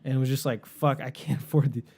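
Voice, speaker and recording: A man telling a story in casual chat, animated and profane, acting out the people he met. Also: medium pitch, a little fast, creaky. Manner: animated, swearing, acts out the people in his stories.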